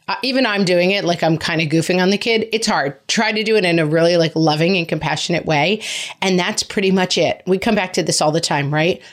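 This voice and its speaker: A middle-aged woman with a lowish voice hosts a parenting advice podcast. She talks in a casual, wry, reassuring way and drops in quick joking asides.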